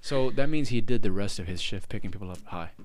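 A man's voice: fairly low pitch, fast. A young man co-hosting a podcast, telling stories in casual chat with plenty of swearing. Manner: animated storyteller, swears freely. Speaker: podcast co-host.

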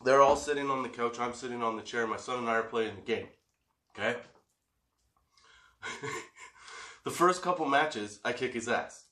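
A middle-aged man tells a rambling, profane story about family life, laughing often between lines. His voice is bright and forceful, with a medium pitch. The recording has a noticeable room echo. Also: normal speed, pauses often. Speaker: father telling a story. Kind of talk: casual storytelling vlog. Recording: echoey room.

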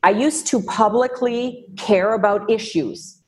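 A middle-aged woman from the United States, answering interview questions in a thoughtful, measured way with pauses. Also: medium pitch, darkish tone, slight background noise. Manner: thoughtful, measured, pausing to find words. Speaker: podcast guest.

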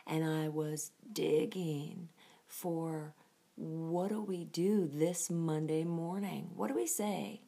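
A woman's voice: low voice, dark tone. A woman hosting a casual devotional talk, often laughing and thinking aloud as she goes. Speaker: host of a devotional show.

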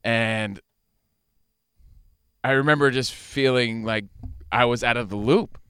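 A man telling an animated, frustrated story in casual banter, with a lot of swearing. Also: medium pitch, slow pace, clear, resonant tone, no room sound, clean studio sound.

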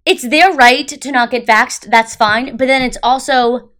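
Bright-voiced young woman chatting animatedly. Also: high voice, unhurried. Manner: animated, chatty, many fillers. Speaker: podcast co-host. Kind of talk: casual chat.

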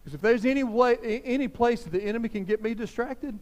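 Pastor, man in his fifties, high voice, fervent exhorting sermon, long church-hall echo. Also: quick pace, darkish tone. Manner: fervent, exhorting, repeats phrases for emphasis.

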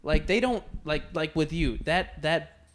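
A young man from Texas, hosting a podcast and telling stories in a relaxed, rambling way. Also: on the high side, unhurried. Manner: relaxed, rambling, fillers like "you know what I'm saying". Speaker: podcast host. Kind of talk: casual storytelling chat.

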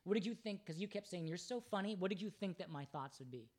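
A man's voice: high-pitched, animated, quick pace. Guy chatting about a movie, blunt, keeps asking questions, swears a lot. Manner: frank, questioning, swears freely. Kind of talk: casual film chat.

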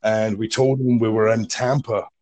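A man's voice: on the low side, normal speed. Foul-mouthed man telling wild stories. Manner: animated storyteller, swears freely, acts out quotes. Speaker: guest, professional wrestler. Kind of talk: casual storytelling interview.

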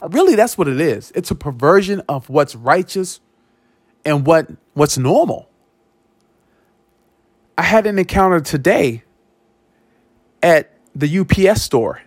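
A man's voice: fairly high pitch, measured pace, long pauses, slightly rough, dry recording. A man hosting a show, telling a personal story in a monologue, repeating words and acting out what others said. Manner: animated, repeats words, acts out quoted speech. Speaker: podcast host.

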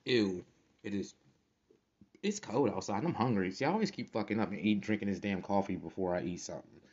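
A man's voice: lowish voice, lively intonation, brisk, darkish tone, lo-fi sound. A man hosting a casual solo podcast, slangy and profane, often laughing as he tells stories. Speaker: podcast host.

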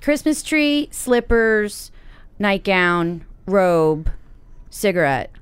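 A woman co-hosting a podcast, playful and quick to laugh in casual chat. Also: medium pitch, big pitch swings, clean tone. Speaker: podcast co-host.

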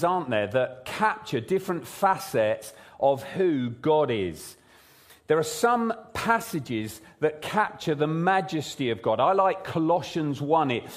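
A man preaching a sermon in a church service, praying and then talking in a lively, conversational way full of rhetorical questions. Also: on the high side. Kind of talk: sermon with prayer. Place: church service, also streamed online.

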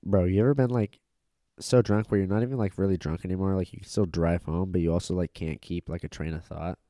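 A man's voice: sits low, fairly even intonation, fast, dark tone, no echo, studio quality. Drunk young man rambling. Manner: loose, rambling, swears casually. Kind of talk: casual chat.

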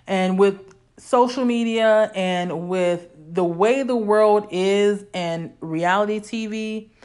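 Woman in her 40s from Illinois, middle pitch, candid personal storytelling, casual and conversational. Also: takes it slowly, a little mellow.

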